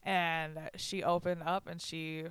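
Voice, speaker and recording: A woman's voice: deep voice, level tone, slow, fairly bright tone, smooth, no echo. A woman telling stories in a casual chat, laughing often and acting out what others said.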